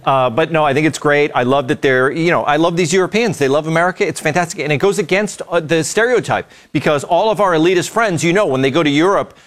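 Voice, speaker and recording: A man's voice: fairly high pitch, fast, hardly any pauses. A man on a talk-show panel, chatting casually and telling rambling anecdotes. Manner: rambling anecdotal storytelling with restarts.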